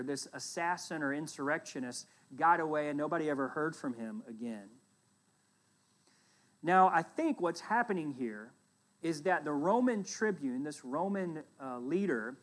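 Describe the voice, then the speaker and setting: A man preaching a sermon as pastor, retelling a scripture story with loud emphatic bursts and quiet, dropped asides. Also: on the high side.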